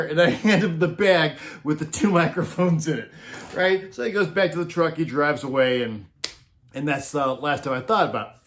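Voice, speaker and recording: Chuckling man spinning a road-crew yarn. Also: fairly high pitch. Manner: chuckling, acts out quotes in animated voices. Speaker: storyteller recounting road crew tales. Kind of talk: casual anecdotal storytelling.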